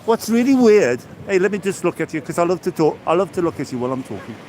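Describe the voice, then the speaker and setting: Walking a seaside promenade outdoors, a man from England in his sixties chats to his live-stream audience and says hello to viewers by name. He talks fast in a high, slightly mellow voice with big swings in pitch, and there's a little hiss or hum on the recording.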